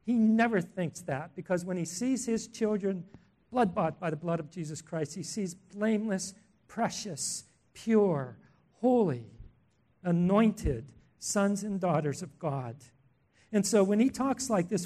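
Earnest and emphatic, this preacher questions his listeners and swells in volume on the key words of his sermon. His voice sits high and is expressive, his delivery unhurried.

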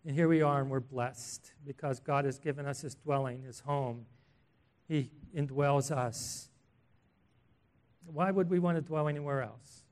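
At a measured pace and medium pitch, a man delivers a sermon with earnest emphasis. He keeps asking listeners questions, and his volume swells on the key words.

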